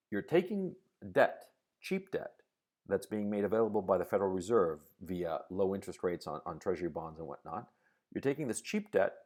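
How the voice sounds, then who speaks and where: Guy ranting on his live stream, low-ish voice but all over the place, swears a ton, explains money stuff to viewers. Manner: profane, ranting, animated explanations with sarcastic mock quotes. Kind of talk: live-streamed political and economic commentary.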